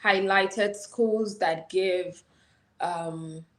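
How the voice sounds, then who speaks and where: A woman from Nigeria with a Nigerian accent blended with American tones, telling her story as an interview guest in an animated way. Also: medium pitch, very slow, reverberant. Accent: Nigerian with American influence. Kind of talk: casual interview.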